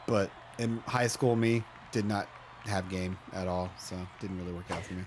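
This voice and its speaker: A man in his thirties doing casual play-by-play of a baseball video game, chatty and joking, with excited outbursts. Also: deep voice, normal speed, a little hiss or hum. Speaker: play-by-play commentator.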